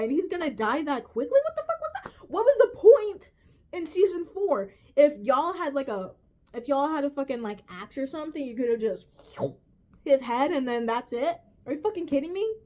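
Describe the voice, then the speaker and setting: A woman's voice: sits high, very animated, moderate pace, darkish tone. Profane, exasperated woman ranting. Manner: profane and exasperated, says "bro" often; rambling, restarts and self-corrections. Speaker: vlogger reviewing a TV finale. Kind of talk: casual rant to camera.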